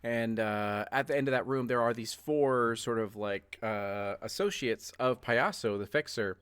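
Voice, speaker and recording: A man narrates a tabletop role-playing session as game master. His telling is loose and rambling, packed with fillers and restarts, at a middling pitch for a man. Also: a little slow, fairly bright tone, clean tone. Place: home streaming setup.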